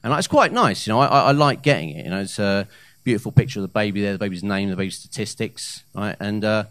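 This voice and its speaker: Stand-up man, 30s, lively swinging delivery, dry close mic, loud on the punchlines. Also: fairly low pitch, fast, clean tone, dry recording. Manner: animated, with hesitant fillers and loud punchlines. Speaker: stand-up comedian. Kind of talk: live stand-up set. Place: comedy club stage. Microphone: handheld stage mic.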